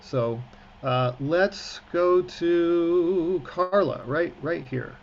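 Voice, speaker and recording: A man's voice: fairly high pitch, extremely slow, vocal fry, darkish tone, muffled recording, a little hiss or hum. A man, a cantor, teaching a class over a video call, encouraging and chatty with joking asides. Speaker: cantor teaching prayer book reading. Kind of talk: online class instruction.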